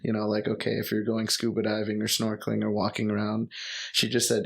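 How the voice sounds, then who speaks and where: A young Canadian man telling travel stories in relaxed, rambling conversation, full of fillers. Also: fairly low pitch, brisk, creaky. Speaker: guest. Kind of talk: casual storytelling conversation.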